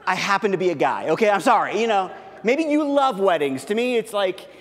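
A man's voice: high-pitched, big pitch swings, fairly quick. A man preaching a casual, conversational sermon as pastor, full of fillers and acted-out bits of everyday dialogue. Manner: informal, heavy on fillers, acts out everyday dialogue. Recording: long hall reverb in a church.

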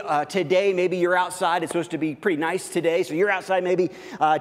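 A man preaching a casual, conversational sermon as pastor, full of fillers and acted-out bits of everyday dialogue. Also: high-pitched. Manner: informal, heavy on fillers, acts out everyday dialogue. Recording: long hall reverb in a church.

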